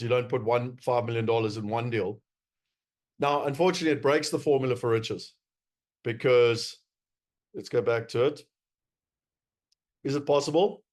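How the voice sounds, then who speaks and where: A man with a South African accent giving a presentation to investors, emphatic and wry, with many fillers. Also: mid-range voice. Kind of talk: presentation talk.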